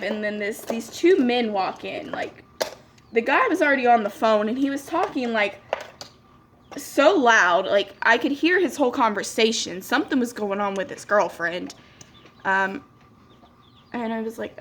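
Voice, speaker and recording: A woman's voice: on the high side, a bit bright, a little hiss or hum. A young woman chatting casually while doing her makeup, telling a story full of "like" fillers and quoted dialogue. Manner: chatty, lots of "like" fillers, quoting people in dialogue. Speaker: beauty vlogger.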